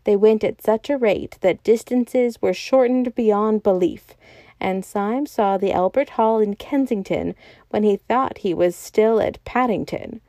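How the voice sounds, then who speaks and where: A woman podcast storyteller reading a classic novel aloud in a calm, even voice. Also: mid-range voice, unhurried, no room sound. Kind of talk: scripted narration of a classic novel.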